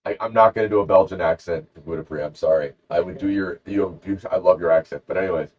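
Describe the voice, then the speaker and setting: A man's voice: sits low, steady tone, quick pace. A man co-hosting a podcast who tells a rambling, jokey story in casual chat. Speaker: podcast co-host. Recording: dull lo-fi podcast recording.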